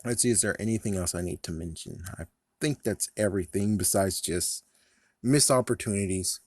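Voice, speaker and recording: A man's voice: fairly low pitch, moderate pace, no echo, studio quality. A man in casual movie commentary, rambling, swearing and laughing at his own jokes. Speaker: vlogger.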